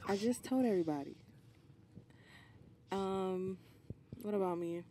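A young woman on a casual group podcast, sassy and drawling, tossing out deadpan asides. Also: medium pitch, measured pace, noisy background. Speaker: podcast guest.

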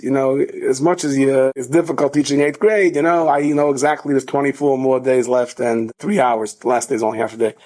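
A man giving an inspirational storytelling talk as a rabbi, animated and building to near-shouting emphasis. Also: fairly high pitch.

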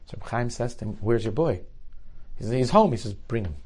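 Animated male storyteller giving a sermon. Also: medium pitch, brisk, husky. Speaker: rabbi telling stories.

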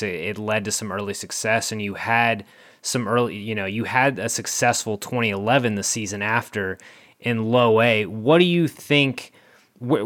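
A male interviewer asking long questions with halting restarts. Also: fairly low pitch, a bit bright, no echo, clean studio sound.

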